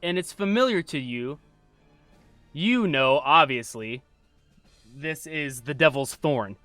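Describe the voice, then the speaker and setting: A man narrating as game master, reading scene descriptions aloud with halting restarts. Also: on the high side, expressive, pushed and bright, dry recording, soft background music.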